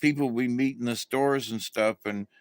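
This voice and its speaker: A man's voice: medium pitch, fairly even intonation, moderate pace, dry recording. A middle-aged man from Florida, hosting a casual, meandering monologue full of fillers and restarts. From Florida, USA. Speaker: channel host.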